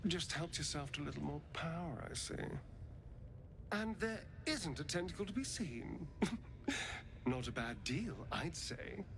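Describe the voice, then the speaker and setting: A man's voice: a little high, lively intonation, a little slow, vocal fry, a bit bright, a little hiss or hum, heavily acted. A male actor playing a sly, flirtatious vampire elf in a video game, with a teasing manner.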